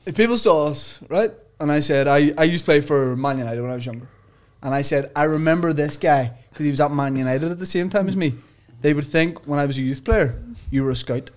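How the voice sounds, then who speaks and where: A man in his thirties, a guest comedian from Ireland, telling animated anecdotes in a casual podcast chat, swearing freely. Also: fairly high pitch, fairly quick. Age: 30s. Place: podcast studio.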